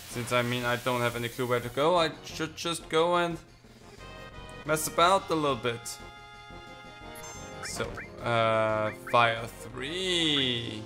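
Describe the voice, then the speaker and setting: Bright-voiced man rambling over gameplay. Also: mid-range voice. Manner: rambling, self-mocking talk to himself while playing. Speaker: gaming channel host. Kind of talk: casual let's-play commentary.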